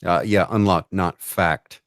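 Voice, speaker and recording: A man's voice: sits low, fairly even intonation, slow, a bit bright, no room sound. A man co-hosting a casual chat, mostly agreeing in short replies and adding dry jokes.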